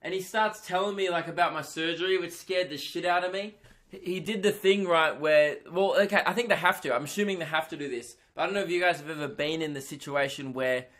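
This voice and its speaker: A young man hosting a solo comedy podcast, telling a rambling, animated story full of swearing and filler words. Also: a little high, a little fast.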